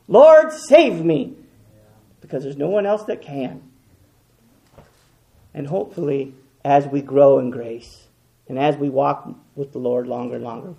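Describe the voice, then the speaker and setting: A man preaching a sermon, impassioned, swinging between loud and hushed, repeating words as he goes. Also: fairly high pitch, vocal fry.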